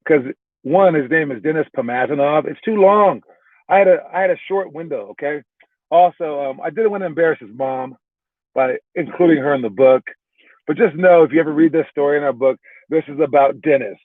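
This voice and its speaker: Chatty basketball coach with a tinny sound. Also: male voice, fairly high pitch, no room sound. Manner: chatty, many fillers and restarts. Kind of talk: casual recap and storytelling.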